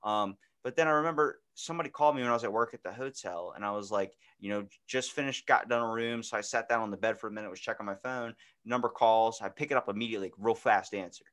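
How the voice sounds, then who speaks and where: A young man from Maryland co-hosting a podcast, telling animated stories and swearing freely in casual chat. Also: fairly low pitch, fast talker, hardly any pauses. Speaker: podcast co-host.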